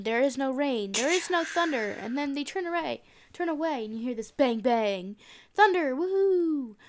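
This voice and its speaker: Excitable high-voiced woman recapping a show. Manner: excitable, animated storytelling. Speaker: podcast co-host recapping an episode. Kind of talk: casual chat.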